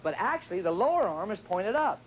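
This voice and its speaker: A man's voice: sits high, very animated, brisk, slight background noise, poor audio. A man teaching tennis on a TV show in a chatty, joking way, sometimes acting out what his students say. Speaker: tennis instructor. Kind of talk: televised tennis lesson.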